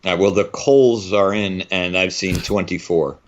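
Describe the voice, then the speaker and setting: A man's voice: deep voice, fairly even intonation, moderate pace, dull audio. A man co-hosting a film podcast in casual chat, wry and rambling as he tells stories. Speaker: podcast co-host.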